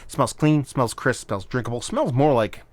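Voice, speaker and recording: A man's voice: medium pitch, expressive, moderate pace, darkish tone. Rambling man reviewing beer. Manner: rambling, hedging with lots of fillers. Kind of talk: casual solo review.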